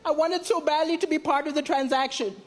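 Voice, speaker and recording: A man from Malawi performing a stand-up comedy routine on a theatre stage, with punchy deadpan delivery, acting out other people's lines. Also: very high voice, fairly quick. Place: large theatre stage before a live audience. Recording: live stage mic with crowd laughter and music.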